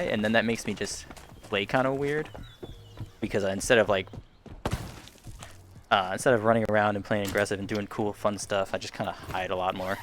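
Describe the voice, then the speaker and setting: A man's voice: fairly low pitch, fairly bright tone, a little hiss or hum. A man casually commenting on his VR shooter gameplay, rambling and self-deprecating, chuckling as he goes, on a headset mic at home. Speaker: gaming YouTuber. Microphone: headset boom mic.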